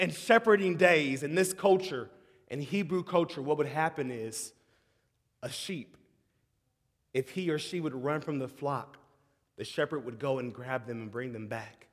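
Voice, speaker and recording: A man preaching a sermon, moving between shouting excitement and hushed, tender tones and often calling the audience "y'all". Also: a little high, a little slow. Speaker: pastor. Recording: long hall reverb.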